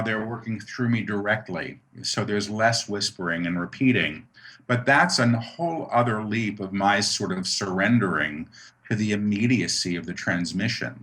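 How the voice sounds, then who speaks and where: Interview guest, man, low-ish bright voice, earnest, thinking aloud. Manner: earnest, reflective, many restarts and "you know"s. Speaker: guest, author and medium. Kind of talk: conversational interview.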